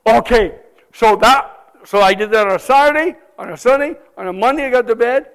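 Guy with a really high voice telling a church his mission story, excited, keeps cueing the slides. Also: fairly quick, smooth. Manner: animated, exclaims often, cues slides aloud. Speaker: visiting missionary speaker. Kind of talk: testimony storytelling to a congregation.

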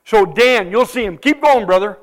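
A man telling a missionary testimony to a congregation, animated and exclaiming often as he cues slides aloud. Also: high-pitched, normal speed. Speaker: visiting missionary speaker.

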